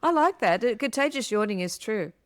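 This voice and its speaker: Clear-voiced woman podcast co-host. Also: on the high side, fairly quick, no echo. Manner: animated, acts out yawns. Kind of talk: casual chat.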